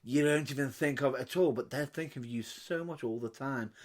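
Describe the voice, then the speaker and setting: A man's voice: medium pitch, a little fast. A man co-hosting a podcast, bluntly joking and swearing in casual banter. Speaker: podcast co-host.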